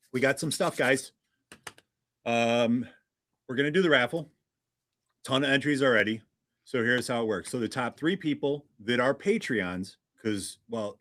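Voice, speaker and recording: A man's voice: mid-range voice, fairly bright tone, no room sound. A man hosting a casual livestream, chatty and greeting viewers one by one. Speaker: livestream host.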